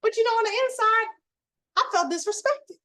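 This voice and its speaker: Speaking fairly quickly in a very high voice, a middle-aged woman narrates a story on her channel. She's emphatic and lively yet conversational, using the tale to preach a lesson to her viewers.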